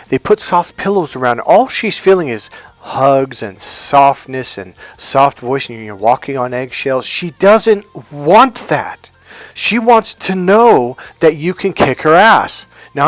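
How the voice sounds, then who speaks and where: A man giving a dating coach's storytelling monologue, blunt, profane and emphatic, with faint music behind him. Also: mid-range voice.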